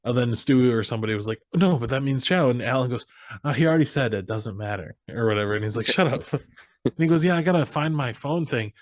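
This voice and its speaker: A man's voice: mid-range voice, animated, fast talker, no room sound, studio quality. A man co-hosting a podcast, casually retelling movie scenes and quoting the characters' lines. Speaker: podcast co-host. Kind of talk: casual movie recap chat.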